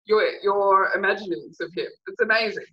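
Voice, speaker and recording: A woman's voice: mid-range voice, brisk, dull audio. A woman interviewing an author, gushing with enthusiasm in a casual chat.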